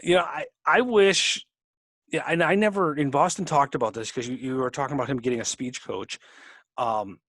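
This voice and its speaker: A man's voice: medium pitch, normal speed, fairly bright tone, dry recording. A man co-hosting a podcast in casual chat, rambling and restarting his sentences. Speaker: podcast co-host.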